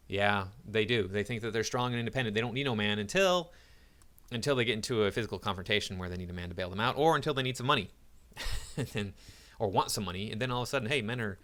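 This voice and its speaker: Bright-voiced opinionated man. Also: mid-range voice. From United States. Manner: opinionated, chuckles often between remarks. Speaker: commentator. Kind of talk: reading a list aloud and commenting.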